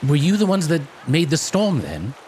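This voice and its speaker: A man's voice: on the high side, huge pitch swings, normal speed, a little mellow, slight background noise. A man playing a tabletop game, speaking politely and a bit hesitantly in character. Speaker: player. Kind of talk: in-character role-play.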